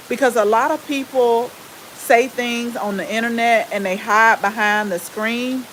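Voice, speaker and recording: A woman's voice: a little high, a little hiss or hum, poor audio. Chatty Southern woman with a drawl. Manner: chatty, relaxed drawl, addresses viewers as y'all. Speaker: gardening channel host. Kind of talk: casual live-stream chat with viewers.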